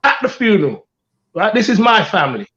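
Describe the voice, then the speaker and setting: A man's voice: high voice, big pitch swings, brisk, a bit bright, highs cut off. A middle-aged man co-hosting a candid panel chat, earnest and reflective, repeating his key phrases. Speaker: co-host.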